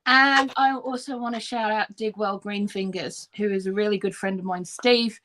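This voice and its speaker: A woman's voice: mid-range voice, fairly even intonation, moderate pace, sharp tone. A woman, a guest on a live video chat, talking enthusiastically with many ums. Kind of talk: casual chat.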